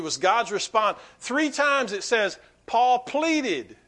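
A man preaching a sermon to his congregation, swinging between quiet asides and loud, emphatic peaks. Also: sits high, animated, slow pace, few pauses. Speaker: pastor.

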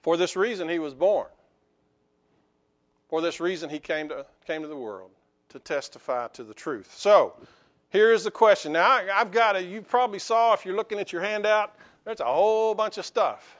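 A male pastor delivering a lively sermon in church, joking with the congregation and calling for amens. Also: sits high, normal speed, muffled recording.

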